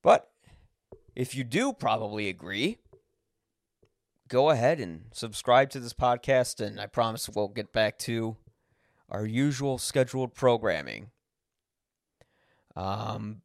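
A man's voice: lowish voice, gravelly, no room sound, clean studio sound. A man hosting a podcast, speaking an unscripted personal monologue, blunt, swearing when angry and correcting himself as he goes. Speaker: podcast host.

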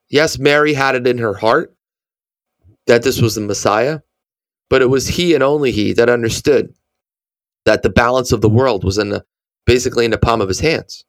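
An earnest man co-hosting a ministry show, working through scripture in a conversational way. His voice sits at a middle pitch for a man. The sound is dry and close, with no room echo. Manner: earnest, many restarts. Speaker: ministry podcast co-host. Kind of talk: conversational Bible teaching.

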